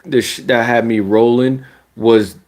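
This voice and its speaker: A young man giving casual, slangy basketball commentary. He rants, laughs often and mocks other people with sudden high-pitched voices. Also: measured pace. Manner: animated, laughing, slangy, mocking voices with big pitch jumps.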